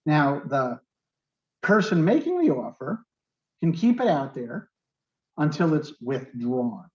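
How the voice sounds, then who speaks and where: A man's voice: a little high, big pitch swings, slow pace, dull audio. A man with a New York accent teaching a real estate class and explaining terms with everyday examples, often checking in with "okay". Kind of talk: online class lecture.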